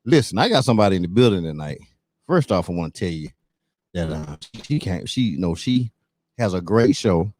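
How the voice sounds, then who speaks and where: A man hosting a podcast, introducing his guest in a loose, energetic way with lots of fillers. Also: sits low, a little fast. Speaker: podcast host. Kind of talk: casual hype introduction.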